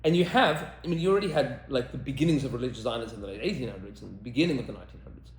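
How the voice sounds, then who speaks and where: A man's voice: mid-range voice, lively intonation, rapid-fire, echoey room. A man, a rabbi, talking emphatically in a podcast discussion, repeating lines for effect and mixing in Hebrew terms. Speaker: rabbi and teacher.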